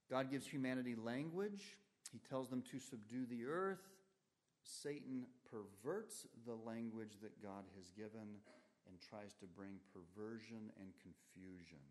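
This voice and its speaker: A man preaching a sermon, reading aloud from scripture and explaining it with strong swings in pitch and loudness. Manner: emphatic, rises and falls sharply in pitch and volume.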